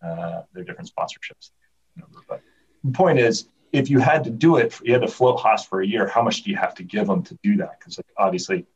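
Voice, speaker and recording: A man talking quickly in a casual chat, telling stories with energy and often restarting his sentences. His voice sits a little low and sounds husky. The audio is muffled and comes from some way off the mic. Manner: animated storyteller, many restarts. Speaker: podcast guest. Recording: dull, distant remote audio.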